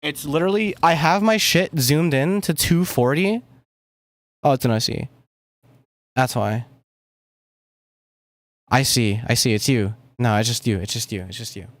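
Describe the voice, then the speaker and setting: On a music-making livestream, a young producer speaks in a mid-range voice at a measured pace, leaving long pauses. His talk is casual and rambling, with muttered swearing, and he mumbles or drifts off between ideas while clicking at his desk mic. No room sound comes through.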